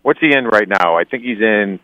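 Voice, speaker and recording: A man's voice: lowish voice, normal speed, fairly bright tone, no room sound, lo-fi sound. A man from Cleveland, a former hockey player telling stories in casual talk, rambling with lots of restarts. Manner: rambling, many restarts and fillers. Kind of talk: casual storytelling.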